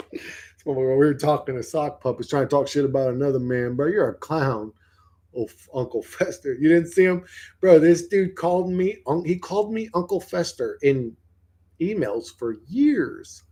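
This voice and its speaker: A man's voice: a little high, normal speed, warm tone. A man hosting his own livestream, talking to his viewers in a blunt, rambling way that is full of swearing. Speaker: livestream host.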